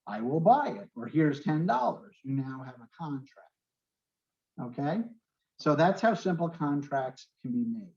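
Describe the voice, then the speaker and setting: A man with a New York accent leads a real estate lesson and walks his students through terms with simple everyday examples, checking in with them as he goes. His voice sits a little high, and the recording sounds muffled and lo-fi. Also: very animated, measured pace, darkish tone. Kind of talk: online class lecture.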